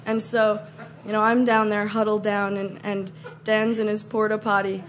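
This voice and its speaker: A woman telling a comic story, acting out scenes with loud shrieks and mock voices. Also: medium pitch, little pitch movement, moderate pace, noisy background.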